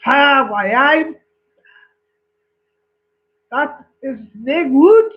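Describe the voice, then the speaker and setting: A woman voicing a proud Scottish workman with a mock Scottish accent, boasting slowly and dismissively. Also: high voice, animated, lo-fi sound, heavily acted.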